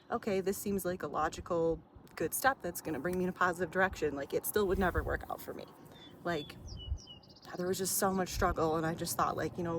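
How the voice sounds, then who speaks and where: Chatty woman, lowish voice, outdoors. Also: background noise. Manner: chatty, filler-heavy, with frequent laughs and swearing. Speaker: vlogger. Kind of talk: casual personal storytelling.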